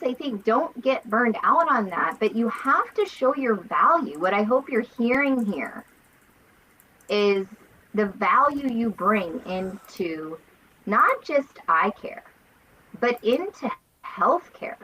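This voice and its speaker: A woman co-hosting a casual book discussion, talking in an animated, emphatic way. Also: fairly high pitch, slow, breathy edge, poor audio. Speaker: podcast co-host.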